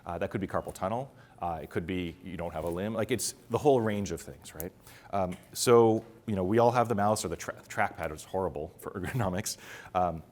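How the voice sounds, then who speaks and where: Fast-talking man giving a conference talk. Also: deep voice. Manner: fast-talking, many fillers. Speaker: conference speaker. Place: conference room with audience.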